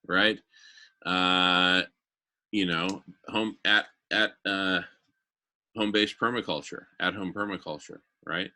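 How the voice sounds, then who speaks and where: A man pitching an idea in a community meeting, rambling and enthusiastic with many fillers and restarts. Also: takes it slowly, long pauses, sharp tone. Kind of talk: brainstorming in a group meeting.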